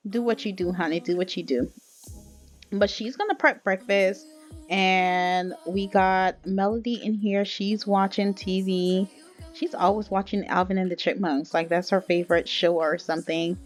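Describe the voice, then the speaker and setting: A young woman narrating a life-sim game in casual let's-play style, chatty and playful, laughing and talking straight to her viewers. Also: lowish voice. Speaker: gaming video creator.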